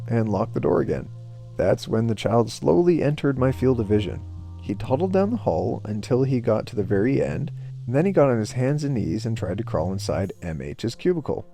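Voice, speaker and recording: A man's voice: mid-range voice, creaky, mellow. A man hosting a YouTube channel, reading Reddit stories aloud in a casual, amused way and chuckling along. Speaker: YouTube storyteller.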